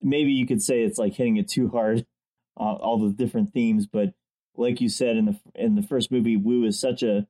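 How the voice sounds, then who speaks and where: A man in a casual film discussion, musing in a relaxed way and trailing off mid-thought. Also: fairly low pitch, moderate pace. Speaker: podcast co-host.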